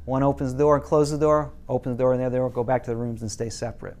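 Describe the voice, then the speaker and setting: A man's voice: level tone, very fast, darkish tone. Man teaching a parenting class. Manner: casual, quotes parents and kids in lowered voices, some restarts.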